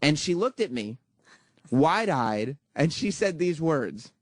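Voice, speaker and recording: A man's voice: a little high, sing-song, slow pace, no room sound. A man hosting a radio show, chatting and teasing his co-host in casual studio banter, with many fillers.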